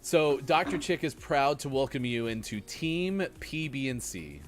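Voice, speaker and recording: A man's voice: medium pitch, very animated, measured pace, faint music behind. A man hosting a live gaming morning show, teasing his co-host and laughing often in casual banter.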